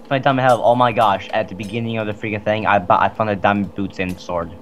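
A man's voice: on the low side, fairly even intonation, fast talker, a bit bright, lo-fi sound, slight background noise. A man chatting during a survival game, stammering and repeating himself. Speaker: gamer. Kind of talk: casual game chat.

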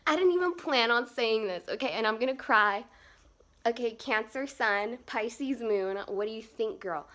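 A woman's voice: on the high side, normal speed, fairly bright tone. A young woman chatting casually about her outfit in a live-streamed phone vlog, bubbly and rambling with giggles. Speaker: fashion vlogger.

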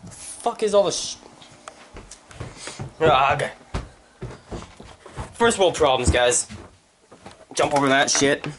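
A man's voice: a little high, animated, takes it slowly, long pauses, fairly bright tone, a little hiss or hum. A man vlogging in a house, handheld camera, ranting and cursing in frustration. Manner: angry, swearing constantly. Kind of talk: casual vlog rant. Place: inside a house.

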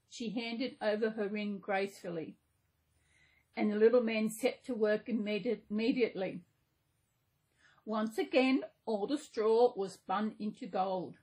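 A woman host reading a fairy tale aloud in a gentle, unhurried way, with small slips now and then. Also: a little high, breathy edge. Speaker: channel host reading a story.

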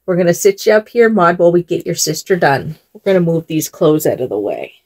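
A woman's voice: on the low side, animated, a little fast, slightly rough. A woman vlogger chatting casually while she dresses dolls, talking in a chatty way and laughing often. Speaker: doll channel vlogger.

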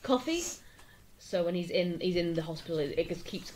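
Low-voiced woman podcast co-host. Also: level tone, quick pace, darkish tone, a little hiss or hum. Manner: thoughtful, reflective, reads quotes aloud. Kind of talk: casual chat about a play.

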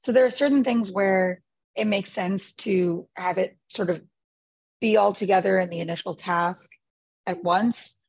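Husky-voiced woman answering webinar questions. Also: mid-range voice, a little mellow, no room sound. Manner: halting, many fillers and restarts. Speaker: guest expert on prompt writing.

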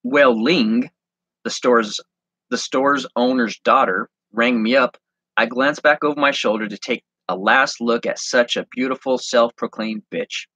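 A man reading his handwritten story aloud, halting and correcting himself as he goes. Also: mid-range voice, pushed and bright, husky, no echo, highs cut off. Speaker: online reseller and host.

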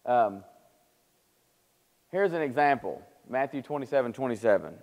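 A man's voice: animated, moderate pace, a little mellow. Man, Bible class teacher, conversational, church hall reverb. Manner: conversational teaching, acts out quoted speech with rising pitch. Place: church auditorium. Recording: long hall reverb of church live stream.

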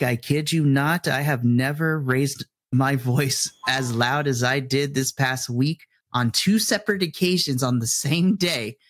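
Animated, storytelling male teacher. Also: medium pitch. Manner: animated storytelling, acting out his own rants. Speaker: middle school teacher and podcast co-host. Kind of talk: casual podcast chat.

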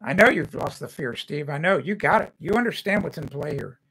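Older man, high voice, angry ranting livestream host, repeats himself. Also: animated, brisk, pushed and bright, breathy edge, poor audio. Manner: angry, ranting, repeats phrases, addresses viewers by name. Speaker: host of a home-building show. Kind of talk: livestream rant and reading chat comments.

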